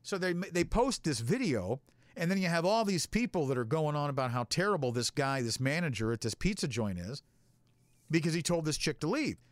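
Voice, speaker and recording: A man spins a rambling, foul-mouthed story in a casual host's chat, his slightly high voice swinging widely in pitch. The sound is dry and close, with no room echo. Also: brisk. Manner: profane, rambling, animated.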